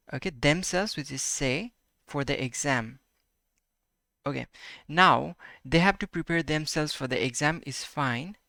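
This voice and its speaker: A man teaches a Spanish grammar lesson in a bright, forceful voice on the high side, recorded up close, dry, with no echo. He slowly repeats each example and keeps checking in with "right?" and "okay?".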